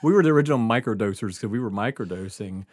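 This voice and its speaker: A man's voice: lowish voice, animated, fast, darkish tone. A man telling a rambling, laugh-filled story as a podcast guest, swearing freely and stumbling over his words. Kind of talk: casual storytelling.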